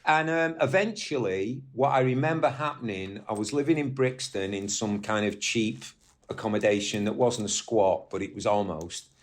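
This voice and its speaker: A man from northwest England telling rambling, animated stories as a guest on an interview podcast, swearing now and then. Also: fairly low pitch, normal speed. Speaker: guest musician. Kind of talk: casual storytelling interview.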